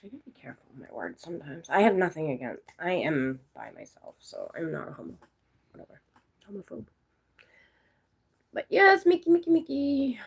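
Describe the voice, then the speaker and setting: A silly, giggly woman rambles to her viewers in a loose, casual chat, laughing often. Her voice is gravelly and a little husky, sitting fairly low but swinging widely in pitch. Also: very animated, fast, a little mellow. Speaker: vlogger chatting with viewers.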